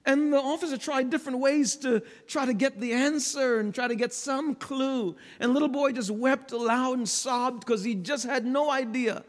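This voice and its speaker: A middle-aged man preaching a sermon, swinging from low, quiet stretches to loud, ringing calls. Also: normal speed. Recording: long hall reverb.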